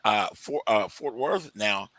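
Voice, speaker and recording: Bright-voiced Texan man hosting radio. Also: on the low side, animated, slow pace, dry recording, rough recording. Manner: enthusiastic, rambling, addresses listeners as guys. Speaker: radio show host. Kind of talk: casual radio talk.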